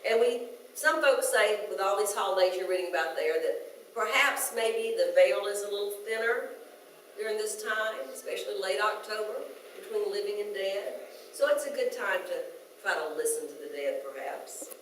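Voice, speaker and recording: A woman's voice: mid-range voice, moderate pace, slight background noise. A woman in her sixties giving a sermon, speaking in a conversational, reflective way with hesitant restarts. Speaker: minister. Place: church sanctuary. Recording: very echoey room, mic at a distance.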